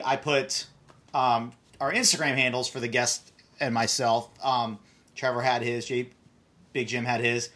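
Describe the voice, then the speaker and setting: A man's voice: mid-range voice, fairly bright tone. A middle-aged man hosting a casual chat, teasing his guest and joking freely. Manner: teasing, quick to joke with the guest. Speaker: host.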